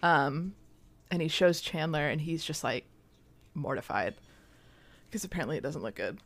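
A young woman co-hosting a podcast casually retells a sitcom episode, chatty and full of "like" and "um." Her voice sits low and expressive, and she moves at a moderate pace.

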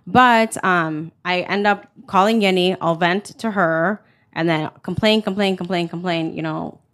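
A middle-aged woman from a Mexican-American family talks loosely on a family podcast. She rambles with plenty of fillers and laughs easily. Her voice sits slightly low for a woman. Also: measured pace. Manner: relaxed, filler-heavy, laughing often. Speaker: podcast co-host. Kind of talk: casual chat.

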